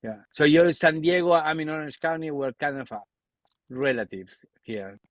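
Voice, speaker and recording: An Argentine man whose first language is Spanish hosts a casual podcast interview in English, often restarting sentences as he hunts for words. His voice is a little high and expressive, at normal speed, with no echo and a lo-fi sound.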